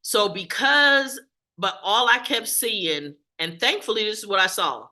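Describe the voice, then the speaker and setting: Bright-voiced woman facilitator telling her story. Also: mid-range voice, a little slow. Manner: animated, self-mocking storytelling with laughs. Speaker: group facilitator. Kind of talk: candid group share.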